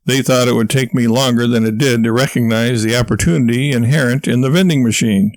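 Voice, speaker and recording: A man's voice: medium pitch, no echo, close to an everyday voice. A man voicing a pompous, bossy office worker in a read-aloud novel, talking down to people and boasting. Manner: bossy, self-important.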